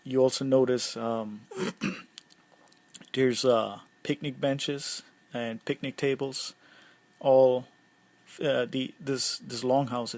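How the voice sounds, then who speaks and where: Gravelly man narrating with many ums. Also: mid-range voice, darkish tone. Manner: halting, full of ums and uhs. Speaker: game master. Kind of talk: improvised tabletop game narration.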